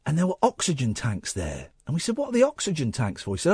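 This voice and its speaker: A man hosting a late-night radio phone-in, telling a story in an animated way and acting out the voices he quotes. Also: on the high side, fast, hardly any pauses, breathy edge, no room sound, clean studio sound. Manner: animated, acts out quoted voices, rising to shouts. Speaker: radio host.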